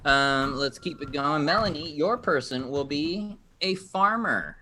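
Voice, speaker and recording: Bright-voiced upbeat game show host man. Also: a little high, measured pace. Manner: upbeat, encouraging, explains rules. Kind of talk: live virtual game show hosting. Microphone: video call.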